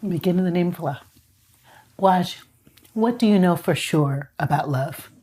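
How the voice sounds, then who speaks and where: A woman's voice: on the low side, moderate pace, mellow, husky. A woman hosting a podcast interview, talking in a playful, encouraging way. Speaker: podcast host. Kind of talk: conversational interview.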